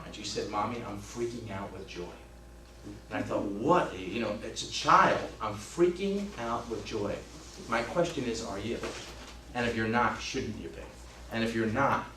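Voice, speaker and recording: A man in his fifties gives a fired-up motivational talk to trainees. His voice sits fairly low and carries some distance from the mic. It echoes around the room over a faint hum. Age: 50s. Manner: energetic, emphatic, swings from loud to hushed. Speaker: real estate trainer.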